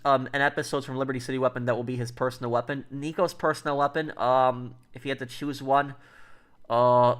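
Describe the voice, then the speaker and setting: A man's voice: mid-range voice, a bit bright. A man streaming and chatting casually with viewers, rambling with lots of fillers and restarts. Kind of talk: casual livestream chat.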